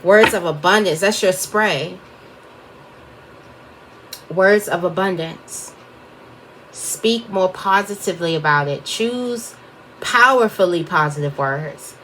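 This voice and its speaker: A woman with a fairly low voice gives a casual tarot reading. She is chatty, drifts off topic and talks straight to her viewers. A faint hiss sits under her voice. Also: slow pace, long pauses, fairly bright tone. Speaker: tarot reader.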